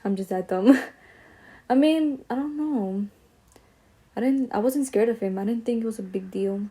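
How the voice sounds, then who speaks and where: A woman's voice: on the high side, normal speed, mellow. A young woman chatting casually as she tells a story while doing her makeup, slangy and drifting off on tangents. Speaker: beauty vlogger.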